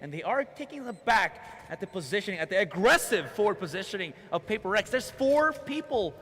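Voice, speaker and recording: A man casting a competitive video game match, giving lively play-by-play and analysis with jokes. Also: high-pitched, fairly quick. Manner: excitable, jokey analysis. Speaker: esports caster. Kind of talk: play-by-play commentary. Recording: hall reverb with faint noise.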